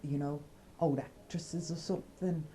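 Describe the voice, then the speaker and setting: Australian woman, low mellow voice, rambling cheeky comic chat. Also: fairly even intonation, measured pace, slight background noise, poor audio. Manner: rambling, cheeky, bawdy humor. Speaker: comedy skit presenter. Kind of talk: casual comedic chat.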